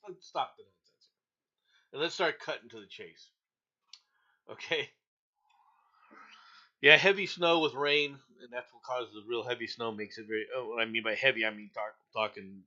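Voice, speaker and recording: A man's voice: on the low side, bright, forceful tone, dull audio. A man hosting a livestream, reading the news aloud with chatty asides and frequent stumbles and restarts. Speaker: livestream host. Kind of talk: reading news with loose commentary.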